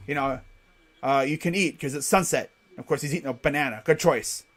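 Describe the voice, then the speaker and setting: A man streaming casual play-by-play commentary on a basketball game, jumping between quick excited calls and rambling, jokey asides. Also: mid-range voice. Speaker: live reaction play-by-play streamer.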